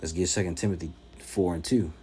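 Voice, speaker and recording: A man's voice: low voice, fairly even intonation, fairly quick, dark tone, a little hiss or hum. A man preaching at home, teaching from scripture and answering critics in an emphatic, mocking way.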